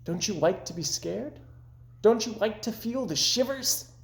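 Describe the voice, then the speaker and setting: A man puts on an upbeat little storybook frog, chirpy and high, leaping about in pitch as he spins a tale. The sound is roomy, with an echo around it. He takes his time, drawing the words out slowly. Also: expressive, vocal fry, exaggerated voice. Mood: playful. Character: cheerful optimistic storytelling frog, male. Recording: roomy echoing room.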